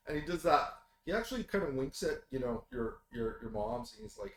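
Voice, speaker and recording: A man running a tabletop game, narrating in a chatty, amused manner. His voice sits high for a man. The recording is roomy and distant, with faint noise. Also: expressive, brisk, hardly any pauses. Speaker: game master.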